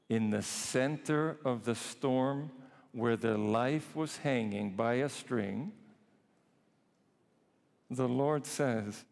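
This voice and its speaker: A man's voice: medium pitch, gravelly, darkish tone. Man preaching in a reverberant hall. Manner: emphatic, shifts between slow and quick phrasing. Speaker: priest preaching. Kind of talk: sermon.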